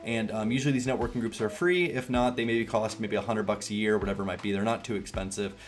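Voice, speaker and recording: A man with a Southern US accent explains sales tactics in a relaxed, rambling, drawling way. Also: lowish voice, fast talker. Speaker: online business coach. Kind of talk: casual sales tutorial.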